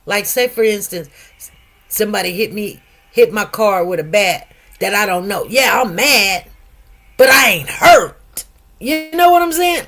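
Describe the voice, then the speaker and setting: A middle-aged woman with a slightly bright, mid-range voice runs a casual livestream. She speaks straight to her audience, chatty and emphatic, often breaking off into asides.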